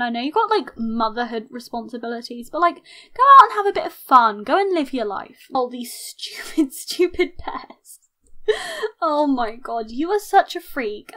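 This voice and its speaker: A young woman chatting casually through her life-sim game, excitable and mock-outraged, laughing often. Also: sits high. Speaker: gaming YouTuber. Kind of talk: casual let's-play commentary.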